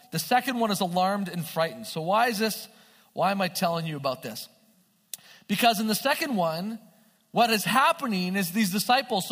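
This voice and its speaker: Man, preacher, high voice, animated sermon, long hall reverb. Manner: animated, asks the audience questions.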